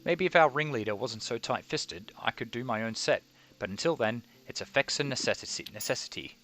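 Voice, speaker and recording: A man voicing a brash, quick-tempered young female circus performer, read aloud over a game. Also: mid-range voice, lively intonation, a bit bright, a little hiss or hum, lightly acted. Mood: indignant. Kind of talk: reading game dialogue aloud.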